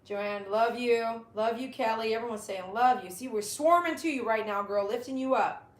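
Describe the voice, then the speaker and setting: A woman's voice: on the high side, moderate pace, echoey room. A woman hosting a casual livestream from home. She chats to her dogs and reads viewer comments aloud. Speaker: dog groomer and livestream host.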